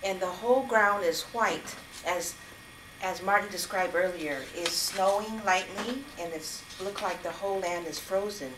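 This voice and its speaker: A woman improvising a gentle story at a club meeting, with small hesitations, recorded from a distance. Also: medium pitch, unhurried. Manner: gentle, with fillers and restarts. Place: meeting room. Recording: echoey room, distant mic, noise.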